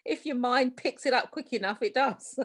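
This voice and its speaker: A woman's voice: high-pitched, normal speed. A woman in the audience making casual, teasing banter over a video call. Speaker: audience member.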